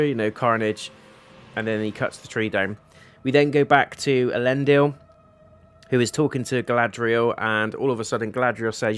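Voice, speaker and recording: A man's voice: medium pitch, fairly even intonation, normal speed, faint music behind. A man hosting a casual TV episode review, retelling the plot in a rambling way, with paraphrased quotes, fillers and some blunt swearing. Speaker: TV reviewer, channel host.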